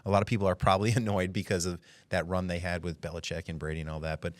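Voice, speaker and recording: A man's voice: low voice, flat delivery, racing, no room sound. A man co-hosting a sports talk show, chatting easily and rambling with fillers and restarts. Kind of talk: casual sports chat.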